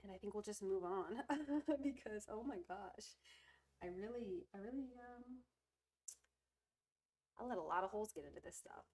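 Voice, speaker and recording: A woman's voice: normal speed, pauses often, a little mellow. Woman, casual streamer chat, giggly, lots of fillers, stuffy nose, home room. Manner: chatty, giggly, apologetic, with many fillers; high coaxing voice when soothing her cat. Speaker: resin jewelry streamer.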